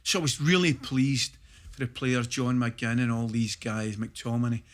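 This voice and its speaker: A middle-aged Scottish man, a former footballer, chatting as a podcast guest and telling stories with animated laughter. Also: mid-range voice, measured pace. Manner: animated storyteller, laughs through his stories. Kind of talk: casual podcast chat, anecdote telling.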